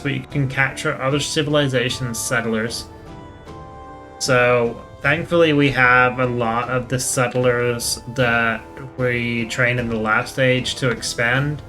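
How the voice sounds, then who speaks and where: Bright-voiced man narrating strategy gameplay. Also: medium pitch. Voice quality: even, matter-of-fact reading with casual asides. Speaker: gaming channel host. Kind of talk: strategy game commentary, reading game text aloud.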